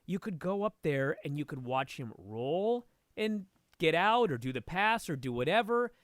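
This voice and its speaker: A man talking as a guest and instructor, telling a story in a casual, animated way and swearing freely. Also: a little high, normal speed, no echo, studio quality. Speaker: podcast guest, martial arts instructor.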